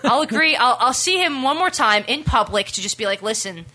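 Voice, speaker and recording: A young woman co-hosting a casual radio show, telling a story in an animated way, swearing freely and acting out what people said. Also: fairly high pitch, a little fast.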